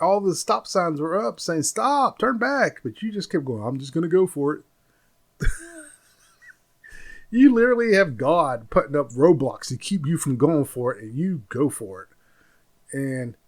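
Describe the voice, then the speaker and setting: A man hosting a podcast, talking through his opinions in a loose, rambling solo monologue, and popping into a louder, higher voice when he quotes people. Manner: rambling, opinionated, mimics others in raised voice. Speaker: podcast host. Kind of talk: casual monologue.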